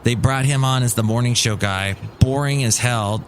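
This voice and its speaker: A man's voice: mid-range voice, normal speed, few pauses, slight background noise. A middle-aged man hosting his own podcast in a casual solo monologue, wry and grumbling, slipping into mocking voices. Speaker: podcast host.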